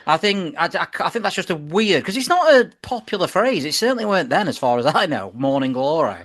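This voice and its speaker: Man, forties, animated podcast chat, lively up-and-down voice, fairly high pitch. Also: brisk. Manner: animated, laughs often, swears casually. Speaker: podcast host. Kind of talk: casual chat.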